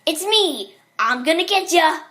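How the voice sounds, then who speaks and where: A woman voicing a menacing male animatronic pirate fox in a storybook reading, loud and higher than her own voice. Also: measured pace. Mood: taunting. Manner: shouted, gleeful taunting.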